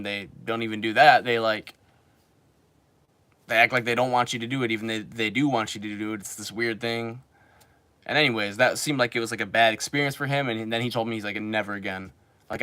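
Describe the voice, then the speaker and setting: A man's voice: medium pitch, bright, forceful tone, no room sound. A man in his twenties streaming casually, telling rambling stories full of fillers and reading viewer comments. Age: 20s. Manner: rambling, filler-heavy storytelling. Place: home in Japan.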